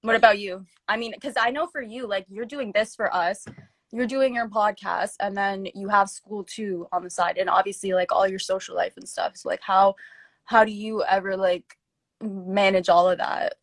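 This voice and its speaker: A young woman co-hosting a podcast in easy, rambling chat, sprinkling "like" through her sentences. Her voice sits at an ordinary middle pitch. The recording is close and dry, with no room around it. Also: steady tone, moderate pace, dry recording. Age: young adult. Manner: chatty, lots of "like" fillers. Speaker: podcast co-host. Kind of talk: casual chat.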